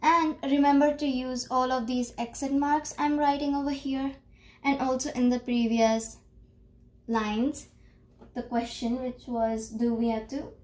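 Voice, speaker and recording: A woman teaching a beginner French lesson, explaining slowly and repeating each phrase carefully. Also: high-pitched, steady tone, a little mellow, low-quality recording.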